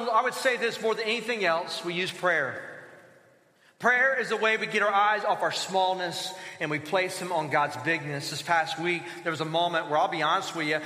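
A man's voice: sits high, sharp tone. A man preaching a sermon as pastor, leading his congregation in rousing call-and-response. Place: church sanctuary. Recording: roomy church hall reverb.

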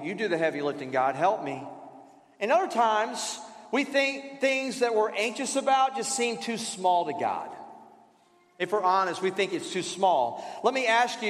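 A man preaching a sermon as pastor, in a conversational style with rhetorical questions and repetition. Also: very high-pitched. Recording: roomy hall reverb.

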